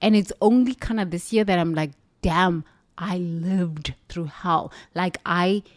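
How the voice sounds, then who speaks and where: A woman's voice: on the low side, darkish tone, dry recording. A South African woman giving an intense, emphatic motivational talk, repeating phrases for effect. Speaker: speaker. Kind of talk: forceful motivational monologue.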